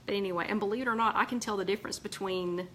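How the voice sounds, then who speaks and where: A woman's voice: medium pitch, very fast, a little hiss or hum, poor audio. A woman with a Southern American accent hosting a casual live chat, talking in a chatty way with many ums and a slightly tired voice. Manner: chatty, warm asides, frequent ums and restarts. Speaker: host of a weight-loss group live chat. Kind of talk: casual live-stream chat reading viewer comments.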